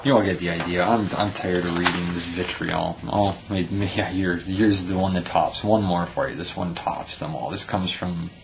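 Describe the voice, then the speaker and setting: Low gravelly blunt-talking man. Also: fairly even intonation, normal speed, hardly any pauses, noisy background. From United States. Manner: blunt and profane, swears at commenters; stumbling restarts. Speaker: vlogger reading viewer comments. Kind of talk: angry commentary vlog.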